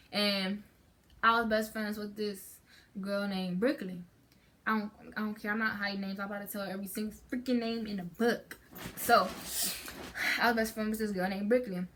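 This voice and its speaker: A teen vlogger chats through a casual story for her channel, her mid-range voice pushed and bright. She keeps breaking off to start sentences over and plugs the gaps with "um" and "like".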